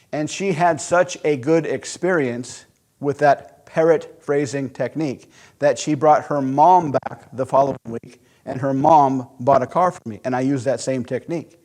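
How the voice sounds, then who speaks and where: A man teaching sales psychology through a conversational, animated personal story. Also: medium pitch, moderate pace. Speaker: sales instructor. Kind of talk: storytelling lesson.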